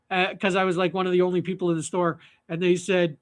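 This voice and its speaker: A man's voice: sits high, moderate pace, few pauses, fairly bright tone. A man hosting a fly-tying livestream, telling a rambling funny fishing story and laughing at his own jokes.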